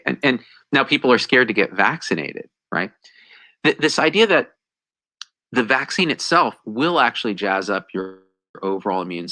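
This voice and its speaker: A man's voice: fairly low pitch, no room sound, rough recording. A man hosting a science show, giving heated, emphatic commentary with sarcastic asides. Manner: emphatic, animated, sarcastic ranting.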